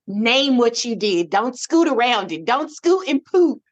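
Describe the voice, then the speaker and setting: Animated woman sharing her parenting story. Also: fairly high pitch, unhurried, lo-fi sound. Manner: animated, expressive storytelling with frequent restarts. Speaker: podcast guest, parent. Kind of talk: casual conversational interview.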